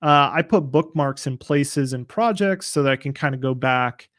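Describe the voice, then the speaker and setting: A man giving a casual software demo, explaining in a relaxed, loose way with frequent filler sounds. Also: medium pitch, normal speed, no echo, studio quality. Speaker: software product demonstrator.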